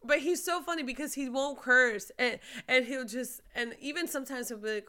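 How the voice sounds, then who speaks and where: A woman pastor giving a casual faith talk to her viewers, emphatic and swinging from quiet to shouting. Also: on the high side, expressive, normal speed. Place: lives in Florida.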